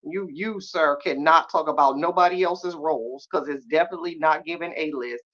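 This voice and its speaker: A sassy woman host chatting on a live podcast stream, laughing often and stretching her exclamations. Her voice sits a little low. The sound is slightly muffled and lo-fi. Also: fairly bright tone. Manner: drawn-out exclamations and slangy asides. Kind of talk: casual live-stream chat, reacting to viewers.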